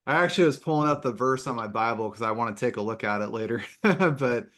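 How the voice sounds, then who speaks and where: A man's voice: medium pitch, quick pace, a bit bright. A man hosting a podcast interview, affirming his guest with eager, stumbling restarts in casual chat. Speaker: podcast host.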